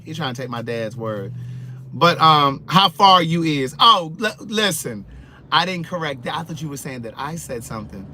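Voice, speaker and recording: A man vlogging from his car, chatting in an animated, sassy way and answering comments, sounding sleepy. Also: a little high, moderate pace. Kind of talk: casual chat while driving. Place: in a car on the road. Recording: car road noise. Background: road noise.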